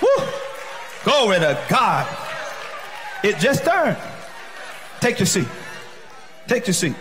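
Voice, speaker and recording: A male pastor preaching an exuberant sermon, shouting and laughing with speech. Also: high-pitched, wildly swooping pitch, takes it slowly, a faint crowd, slight background noise. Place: church sanctuary.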